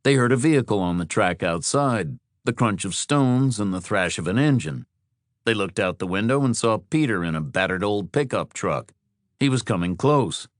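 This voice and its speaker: A man reads a thriller audiobook in a measured, descriptive way. His voice is fairly low, with lively rises and falls. The recording is close and dry, with no room sound. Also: no echo. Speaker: audiobook narrator. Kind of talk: scripted narration.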